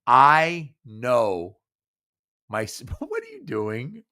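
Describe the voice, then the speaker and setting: Drunk man slurring slowly. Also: medium pitch, huge pitch swings, sharp tone. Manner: rambling, repeats words, stumbles over phrases. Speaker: podcast host. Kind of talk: casual live podcast talk.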